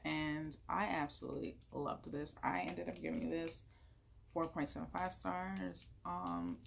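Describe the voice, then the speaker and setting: A woman's voice: low voice, gravelly, a little hiss or hum. A woman giving a casual, chatty book wrap-up at home, full of fillers. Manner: chatty, emotional, lots of fillers. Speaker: book reviewer. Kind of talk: casual monthly reading wrap-up.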